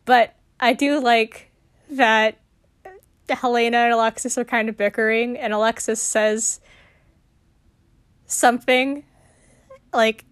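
A woman's voice: a little high, fairly even intonation, takes it slowly, pauses often, dry recording. A young adult woman casually chatting on her podcast, giggly and rambling, with many fillers and restarts. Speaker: podcast host.

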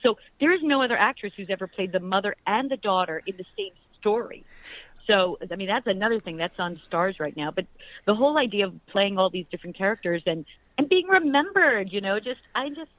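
A woman in her fifties, an actress chatting enthusiastically in an interview, full of fillers and warm thanks. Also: medium pitch, animated, a little fast, dry recording, narrow, tinny audio. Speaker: actress guest. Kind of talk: casual interview chat.

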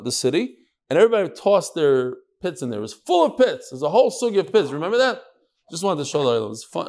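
A man's voice: on the high side, a little mellow. A man teaching an informal Talmud class in a room with listeners, chatty, with joking asides and Hebrew and Yiddish terms.

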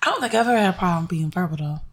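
A young woman co-hosting a podcast, chatting casually in a relaxed, easygoing way, often trailing off softly. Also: lowish voice, very fast. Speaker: podcast co-host. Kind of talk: casual chat.

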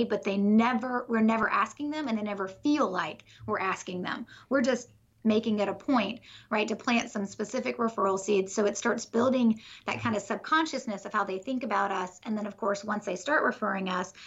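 A businesswoman coaching on a podcast, talking with energy and conviction. Her voice is husky and breathy. The recording sounds slightly dull and lo-fi. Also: mid-range voice. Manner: energetic, explains with conviction, laughs lightly. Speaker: business referral coach and author, podcast guest. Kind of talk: podcast interview.

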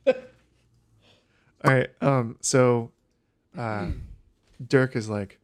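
A man narrating a tabletop game as game master in a relaxed, halting way. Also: mid-range voice.

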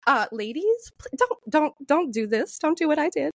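Lively, swearing woman telling a story. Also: high-pitched, normal speed, vocal fry, no echo, studio quality. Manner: animated, swears freely, laughs often. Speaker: podcast co-host. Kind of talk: casual storytelling chat.

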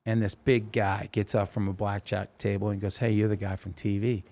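A man as an interview guest, telling a personal story in halting speech with frequent restarts and self-corrections. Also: on the low side, flat delivery, a little mellow.

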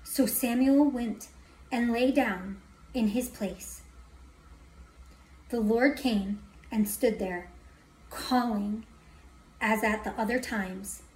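A woman's voice: a little high, slow, pauses often, a little mellow. A woman preaching a testimony sermon, telling her story dramatically and dropping to a whisper for emphasis. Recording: echoey hall from far off.

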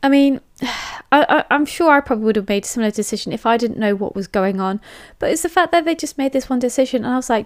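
A woman's voice: a little high, quick pace, no room sound, studio quality. An English woman giving a chatty, candid book review monologue, emphatic and full of fillers. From England.

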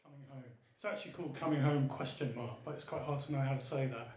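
Man, poet, earnest lyrical reading, mid-pitched voice, echoey room. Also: fast, darkish tone, a little hiss or hum. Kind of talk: poetry reading.

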